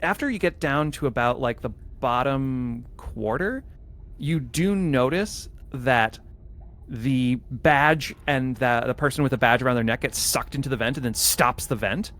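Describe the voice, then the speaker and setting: A man's voice: medium pitch, a little slow, a bit bright. A man narrating as game master, explaining the scene carefully with frequent hesitations and restarts.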